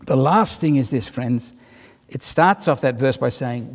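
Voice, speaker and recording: A man's voice: mid-range voice, sing-song, moderate pace. A man preaching a sermon, telling a story in a conversational way with wry little asides. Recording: long reverb of a large hall.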